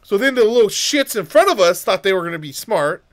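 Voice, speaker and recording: A man's voice: high-pitched, sing-song, brisk. A man co-hosting a podcast, ranting heatedly and profanely in casual chat. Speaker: podcast co-host.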